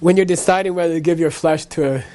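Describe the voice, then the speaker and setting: A man's voice: a little high, fairly even intonation, fast, mellow, a little hiss or hum. A man teaching a Buddhist class in a loose, conversational way, checking in with "okay?" as he goes. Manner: conversational, frequent "okay?" and "you know".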